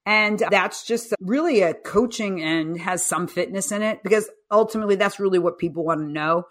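A woman's voice: medium pitch, moderate pace. A woman in her fifties, a guest coach and author, telling stories with animation in a podcast interview and acting out the voices she quotes. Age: 50s. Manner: animated storyteller who acts out quoted speech.

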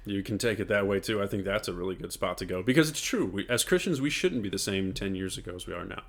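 A man co-hosts a casual faith podcast in a somewhat low voice. He is earnest and reflective and laughs easily as he speaks. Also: animated, quick pace. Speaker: podcast co-host.

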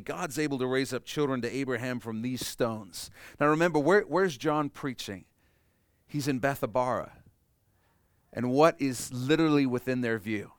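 A man preaching a sermon, swinging from loud emphatic peaks to soft low asides. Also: dry recording, studio quality. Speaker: pastor.

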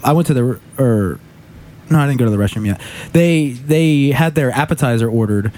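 Animated, swearing man telling a story. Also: medium pitch, moderate pace. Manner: animated storyteller who acts out other people's lines in a raised voice, swears freely. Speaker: storyteller in casual podcast chat. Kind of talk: casual chat.

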